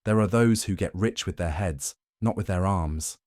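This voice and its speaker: A man's voice: low voice, moderate pace, a little mellow, dry recording, studio quality, natural voice. A man doing a lazy grumbling husband. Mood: boastful. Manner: yawning, dismissive.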